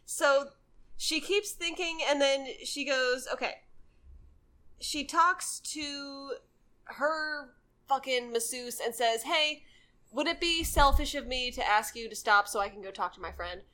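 A woman's voice: high-pitched, measured pace, pushed and bright. A woman co-hosting a casual book podcast, recapping the plot with quoted asides. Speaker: podcast co-host. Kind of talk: casual book-club chat.

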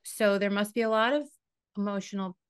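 A woman's voice: mid-range voice, a little fast, clear, resonant tone, no echo, clean studio sound. A woman hosting a podcast, asking enthusiastic, affirming questions in casual interview chat. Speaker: podcast host.

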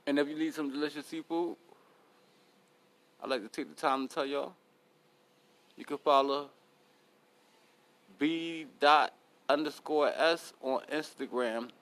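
A man's voice: a little high, steady tone, measured pace, long pauses, a bit bright. A young man hosting a podcast, talking casually in a blunt, profane, motivational way. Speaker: podcast host.

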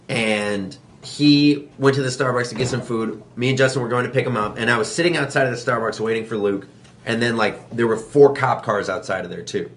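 A young man who does stand-up trades stories with a friend in casual, profanity-laced chat. His voice has a bright, forward edge and sits at an ordinary male pitch. He tells tales with animated energy. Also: a little hiss or hum. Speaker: stand-up comic.

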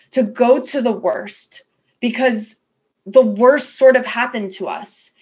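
A woman co-hosting a podcast in casual chat, candid and self-deprecating, rambling with restarts and acting out her inner voice. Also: fairly high pitch. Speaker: podcast co-host.

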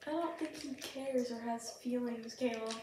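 A woman hosting a gaming podcast, chatting casually and excitably while she plays, giggling often and sounding sick. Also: fairly high pitch, normal speed. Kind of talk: casual gameplay chat. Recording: very echoey room, distant mic, faint hiss.

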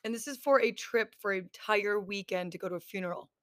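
A woman's voice: mid-range voice, quick pace, dry recording, studio quality. A woman co-hosting a podcast in casual chat, cutting in with teasing remarks. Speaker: podcast co-host.

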